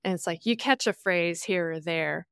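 A woman from the American Midwest talks as a podcast guest, telling stories with animated quoted voices. Her voice sits a bit low and comes across smooth and resonant. The sound is dry and close. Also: normal speed, no echo. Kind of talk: casual podcast conversation.

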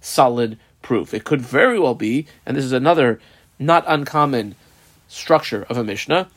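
A man teaching a Talmud page, explaining each line step by step and telling listeners how to mark the text. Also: fairly high pitch. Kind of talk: text study lesson.

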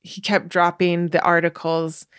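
A woman's voice: on the low side, flat delivery, a little slow, fairly bright tone, clean tone, no echo, studio quality. A woman hosting a podcast, giving writing advice in a chatty, casual way with many fillers, restarts and light laughs. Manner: laughs lightly while explaining. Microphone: podcast mic.

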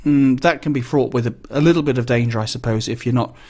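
A man who flies business jets, talking casually and explaining things in a wry, conversational way, with frequent pauses to think. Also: mid-range voice, a little mellow. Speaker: business jet pilot.

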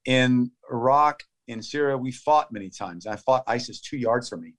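A man's voice: medium pitch, fairly bright tone. Man, fifties, interview guest, conversational storytelling, urgent clipped phrases, vivid play-by-play. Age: 50s. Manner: fast, clipped phrases with restarts.

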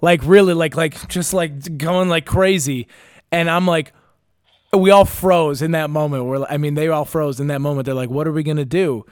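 A man's voice: fairly high pitch, normal speed, smooth, no room sound, clean studio sound. A young man telling a wild story in a casual chat, rambling and profane, with lots of fillers and restarts.

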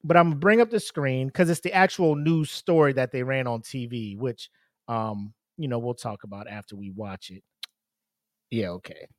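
A man's voice: medium pitch, normal speed, no room sound, studio quality. A man hosting a podcast alone, talking casually and rambling, with lots of swearing, fillers and laughter. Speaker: podcast host. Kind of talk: casual solo podcast commentary.

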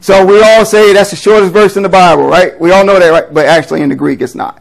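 A pastor reading scripture aloud and explaining it in a conversational teaching sermon, often checking in with a quick rhetorical question. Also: male voice, high-pitched, fairly even intonation, vocal fry, rough recording.

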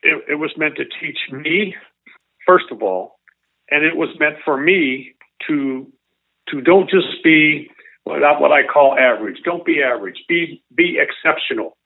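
An older man, a former baseball coach, telling a long emotional story as an interview guest in an earnest, halting way. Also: a little high, lively intonation, gravelly, dry recording. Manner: earnest, halting, repeats himself. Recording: tinny phone-like line.

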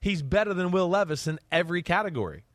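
A man's voice: high-pitched, expressive, fast, no echo, clean studio sound. A man co-hosting a football podcast, talking bluntly and emphatically, swearing and hammering points home. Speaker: podcast co-host, draft analyst. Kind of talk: casual football podcast chat.

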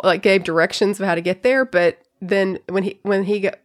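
A woman's voice: mid-range voice, moderate pace. A woman hosting a true-crime podcast in a casual, chatty way, laughing often and acting out quotes. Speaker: podcast host.

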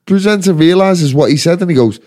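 Scouse podcast host, swears a lot, rambling rants, dark mellow voice. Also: male voice, high voice, lively intonation, a little fast. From Liverpool, England. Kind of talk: casual chat.

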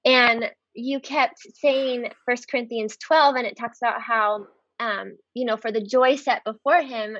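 Earnest woman in her 30s chatting about faith, kinda high voice, lots of "like"s, dull dry sound. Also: fairly even intonation, unhurried, fairly bright tone, no room sound. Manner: earnest, heartfelt, many "like" fillers. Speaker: podcast guest. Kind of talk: casual faith conversation.

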